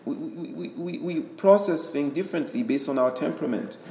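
A man's voice: fairly high pitch, animated, brisk, vocal fry, dark tone, reverberant, rough recording. A man giving a conversational sermon, often restarting and repeating words as he explains. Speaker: preacher.

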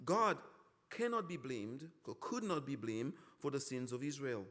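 A middle-aged man preaching a sermon, expressive and pleading as he voices scripture, often correcting himself mid-sentence. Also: mid-range voice, a little slow. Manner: expressive, pleading when quoting God, frequent self-corrections.

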